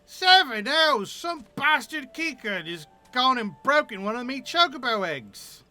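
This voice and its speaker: A man voicing a gruff, brusque male ranch wrangler in a put-on rustic accent, reading game dialogue aloud. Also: very high-pitched, very animated, measured pace, sharp tone, pitched above the performer's own voice, exaggerated voice. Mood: indignant.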